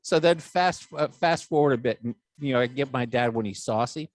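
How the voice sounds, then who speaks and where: Swearing freely and voicing each character, this middle-aged podcaster spins a lengthy comic family tale in relaxed chat. He speaks mid-range and a little fast on a dry recording.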